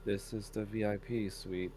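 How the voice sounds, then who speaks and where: A man's voice: on the low side, flat delivery, normal speed, mellow, a little hiss or hum. A man narrating a tabletop game as dungeon master in a casual, descriptive way.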